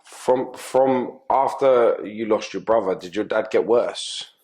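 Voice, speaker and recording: A man's voice: lowish voice, slow pace, a little mellow. A man hosting an interview podcast, offering sympathetic remarks and follow-up questions. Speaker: podcast host. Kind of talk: interview conversation.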